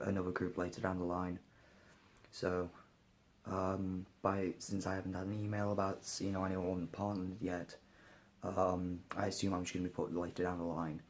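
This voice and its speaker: Sniffling and slightly hoarse from a cold, a young adult vlogger speaks in a low voice, wearily narrating his casual daily vlog and using plenty of fillers.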